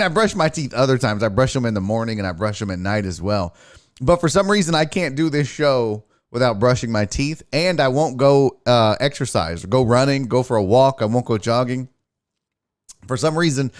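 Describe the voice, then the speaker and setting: Animated, chatty male show host. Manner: animated storytelling, acts out cat and himself in high voices. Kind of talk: casual rambling monologue.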